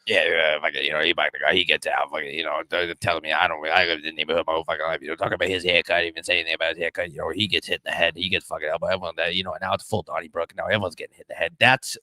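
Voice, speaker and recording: A man puts on a profane, brawling tough guy, his voice dropped much lower than his own. The lines come in a rapid, aggressive stream with a bright, forceful push. The sound is dry and close. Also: flat delivery, no echo. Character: brawling foul-mouthed Boston tough guy, male.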